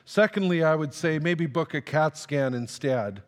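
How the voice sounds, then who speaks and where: A pastor with a somewhat high, unhurried voice preaches in a church sanctuary, sharing a personal story in a chatty, self-deprecating way and acting out the dialogue. The recording carries the long reverb of a large hall.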